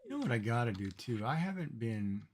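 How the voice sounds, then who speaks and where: A man's voice: mid-range voice, sing-song, brisk, a little hiss or hum. A man chatting casually with viewers while playing a game on a livestream, musing aloud about food. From Canada. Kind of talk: casual chat while gaming.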